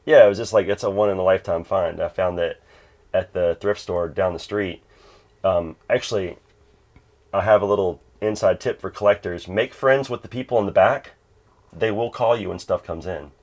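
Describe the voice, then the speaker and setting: A man's voice: low voice, moderate pace, darkish tone. A man in his thirties, a game collector chatting casually at home, rambling with lots of fillers and restarts. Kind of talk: casual interview chat.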